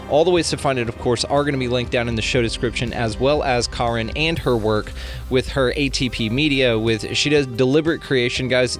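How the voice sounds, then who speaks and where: A man hosting a podcast interview, introducing his guest in an upbeat, enthusiastic way. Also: medium pitch. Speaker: podcast host.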